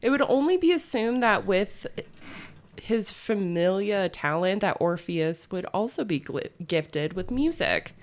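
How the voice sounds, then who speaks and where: A woman's voice: mid-range voice, expressive, a little slow. A woman co-hosting a podcast, retelling a myth in casual chat with lots of fillers and laughter. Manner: chatty, filler-heavy, laughs often. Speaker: podcast co-host.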